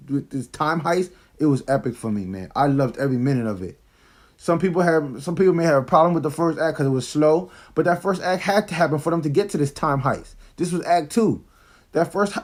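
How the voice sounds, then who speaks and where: A man with a fairly high voice, talking fast and excitedly in a casual movie review. He retells scenes in loose, slangy speech.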